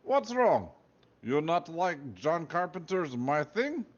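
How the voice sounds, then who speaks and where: A man voicing a fat, sweaty, jolly Russian guard who speaks loud, broken English in a thick Russian accent. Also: on the high side, sing-song, slow, lo-fi sound, pitched above the performer's own voice. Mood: boisterous.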